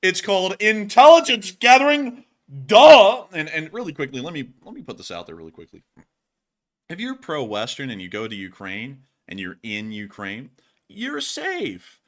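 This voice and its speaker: A man's voice: medium pitch, normal speed. A man hosting a casual war-news commentary show, opinionated and rambling, with lots of "like" fillers. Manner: rambling, heavy use of "like" fillers; opinionated and animated. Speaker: show host.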